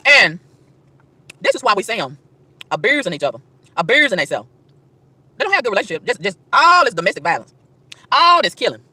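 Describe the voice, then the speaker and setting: A woman's voice: mid-range voice, sing-song, a little fast, pauses often, pushed and bright, husky, no echo. A woman outdoors in a park, delivering an emphatic, preachy rant to camera, firing rhetorical questions and tripping over repeated words. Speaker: vlogger.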